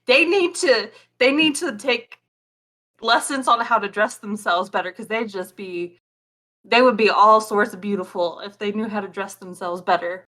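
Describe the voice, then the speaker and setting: A woman's voice: mid-range voice, normal speed, fairly bright tone. A woman co-hosting a reaction video, chatting casually and animatedly, swearing and laughing often. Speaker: reaction channel co-host. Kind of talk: casual chat.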